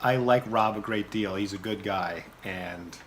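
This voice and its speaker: A man's voice: fairly low pitch, unhurried, a bit bright, slight background noise. A man co-hosting a vlog with his wife, chatting casually in a playful, earnest way. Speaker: vlog co-host, husband. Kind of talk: casual chat.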